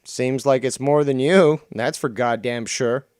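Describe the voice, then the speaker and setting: Male streamer, scornful and foul-mouthed, smooth clear voice, dry close sound. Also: mid-range voice, unhurried, darkish tone, dry recording. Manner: profane, sneering, scornful. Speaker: stream host reviewing clips. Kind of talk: mocking commentary over a clip.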